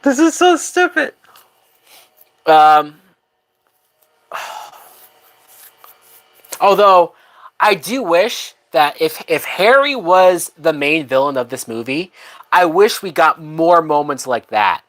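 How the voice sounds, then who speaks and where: A woman's voice: low-pitched, expressive, slow, pauses often, fairly bright tone. A woman hosting a live movie watch-along, talking bluntly with frequent swearing and laughter. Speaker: movie reaction host.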